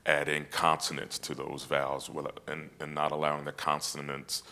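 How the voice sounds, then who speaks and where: Very deep-voiced man, reflective and halting. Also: completely flat delivery, sharp tone. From United States. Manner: reflective, halting with many restarts. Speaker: opera singer, guest. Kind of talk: casual conversation.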